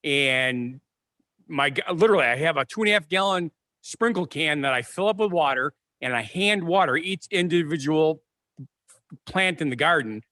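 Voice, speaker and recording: A man from the American Midwest co-hosts a casual chat, telling rambling stories and restarting his sentences. His voice is bright and a little higher than most men's. The sound is dry and close, as on a video call. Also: expressive, moderate pace, no room sound. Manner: chatty, storytelling, self-interrupting. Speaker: podcast co-host.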